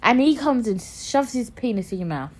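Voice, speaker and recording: A woman's voice: fairly high pitch, animated, normal speed, slightly rough. A woman hosting a podcast, chatting frankly and crudely with lots of giggling. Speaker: podcast host. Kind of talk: casual chat.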